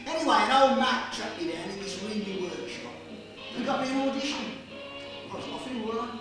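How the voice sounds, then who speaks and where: A man plays an earnest, slightly sheepish comic actor, speaking a little high. The stage play was recorded in an echoing theatre from far off, with music underneath. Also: lively intonation, fairly quick. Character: modest working-class male comic actor.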